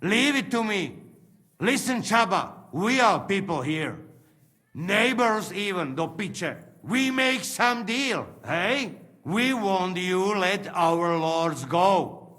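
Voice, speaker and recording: A man voicing a rough rebel soldier from the Trenčín region who speaks in clipped, broken sentences in a game cutscene. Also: high voice, lively intonation, slow, bright, forceful tone, full character voice. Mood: bargaining. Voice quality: broken, clipped speech with dropped words. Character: rough, wheedling male soldier haggling over hostages.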